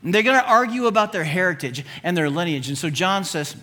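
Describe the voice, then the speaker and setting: A male pastor preaches with lively, joking energy, punching some phrases loudly and dropping low for asides. His voice sits high and sounds bright. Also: quick pace, few pauses. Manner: animated and humorous, swinging between loud emphasis and low asides. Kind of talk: sermon.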